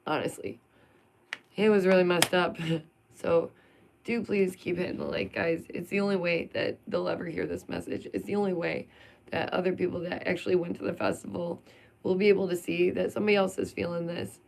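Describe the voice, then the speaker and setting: A woman's voice: fairly low pitch, creaky. A woman vlogger venting in an emphatic, sarcastic monologue full of rhetorical questions.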